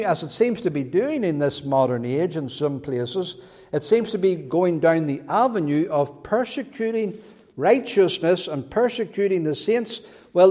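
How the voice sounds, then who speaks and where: A man preaching a sermon with fervent emphasis, his voice rising to loud, emphatic peaks. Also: high-pitched, long reverb tail.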